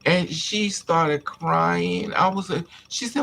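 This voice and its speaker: A man's voice: high voice, slow, gravelly, bright, forceful tone, slight background noise. A man vlogger intensely telling a painful personal story to his viewers, repeating himself as he vents. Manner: intense, repetitive, venting.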